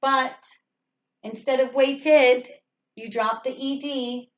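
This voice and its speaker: A woman teaching an English grammar lesson, reading example sentences slowly and leaning hard on the stressed words. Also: sits high, steady tone. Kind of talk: slow, deliberate grammar lesson. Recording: dull, lo-fi recording.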